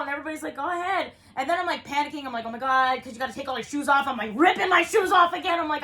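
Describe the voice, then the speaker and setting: A young woman telling a story casually, quick and breathless, saying "like" a lot. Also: high-pitched, bright, forceful tone, slight background noise.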